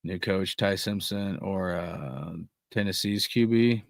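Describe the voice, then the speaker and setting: A man's voice: low-pitched, slow, dry recording, clean studio sound. A young man hosting a live sports podcast, ranting heatedly and swearing constantly while he reads out chat messages. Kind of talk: profane casual sports rant.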